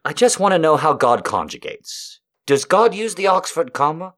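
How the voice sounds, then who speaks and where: A man's voice: a little high, sing-song, measured pace, a bit bright. A man hosting a podcast, delivering a rambling, profane comedic monologue. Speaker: podcast host.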